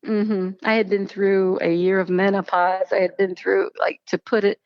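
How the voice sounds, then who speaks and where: Woman with a gravelly voice, animated storyteller, dry close sound, slightly dull recording. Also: mid-range voice, moderate pace, no echo. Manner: animated storytelling, acts out quoted speech. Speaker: guest telling her story. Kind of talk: casual conversation.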